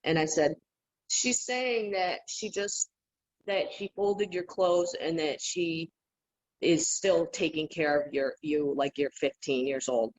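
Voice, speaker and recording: A woman guest on a podcast, telling stories in an animated, casual way and laughing often. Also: low voice, takes it slowly. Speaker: podcast guest, psychic healer. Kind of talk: casual interview storytelling. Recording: dull lo-fi remote audio.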